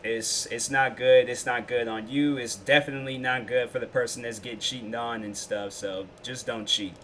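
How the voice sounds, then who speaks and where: A man with a bright, forceful voice hosts a reaction video in loose casual chat. He rambles and restarts, piling up fillers as he goes, over a faint hiss. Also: medium pitch, fairly even intonation, normal speed.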